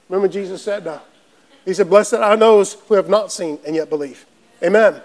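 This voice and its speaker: A man preaching a sermon as pastor, fervent and building to shouts, often repeating words and restarting phrases. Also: high voice, normal speed.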